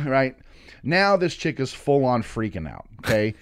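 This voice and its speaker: Man in his thirties, comic storyteller, mid-pitched, dry close mic, swearing and voicing quotes. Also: measured pace, dry recording. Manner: animated, swearing, acting out quotes. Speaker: comedian guest. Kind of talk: casual storytelling. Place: studio.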